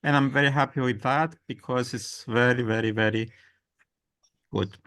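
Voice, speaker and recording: A man's voice: medium pitch, normal speed, fairly bright tone. A man from Cyprus, giving a short, earnest introduction on a video call. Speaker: web developer.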